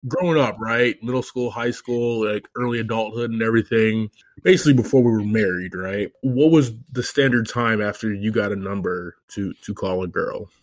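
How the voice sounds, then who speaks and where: A man's voice: on the low side, moderate pace, no room sound. A man co-hosting a podcast, casually retelling a film's plot and laughing often. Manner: relaxed storytelling, laughs often. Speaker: podcast co-host. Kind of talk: casual chat recapping a film.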